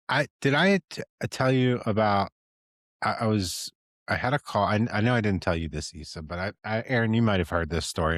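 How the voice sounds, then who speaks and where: A man's voice: deep voice, no room sound, clean studio sound. A man hosting a podcast, chatting casually, joking, swearing freely and laughing often. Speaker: podcast host, EMT.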